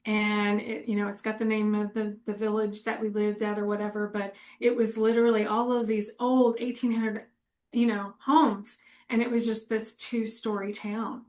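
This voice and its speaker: A woman's voice: mid-range voice, little pitch movement, normal speed, darkish tone. A woman in her forties chatting casually and candidly, rambling and laughing often. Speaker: co-host. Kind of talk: casual chat.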